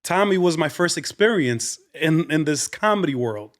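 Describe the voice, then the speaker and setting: A man, whose voice sits a little higher than most men's, spins anecdotes on a podcast. He talks in a relaxed way and slides between English and Spanish. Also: normal speed. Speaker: guest comedian. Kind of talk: casual storytelling chat.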